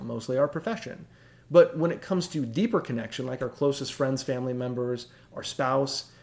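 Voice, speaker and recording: A man's voice: mid-range voice, darkish tone. A middle-aged man hosting a reflective monologue, explaining ideas in an earnest, confessional way. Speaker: host.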